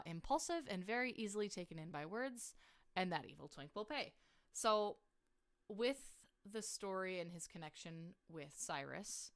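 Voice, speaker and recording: Rambling young woman with a smooth, low voice. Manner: rambling, excitable, filler-heavy. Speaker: streamer. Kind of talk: casual livestream lore chat.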